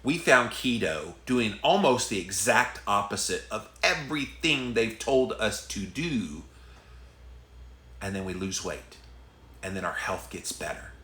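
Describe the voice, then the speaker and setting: Brief: male host, lowish forceful voice, fired-up direct-address rant, echoey room. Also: big pitch swings, unhurried. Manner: emphatic, conversational, addresses listeners directly. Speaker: podcast host ranting on diet. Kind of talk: impassioned solo rant. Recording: roomy echo.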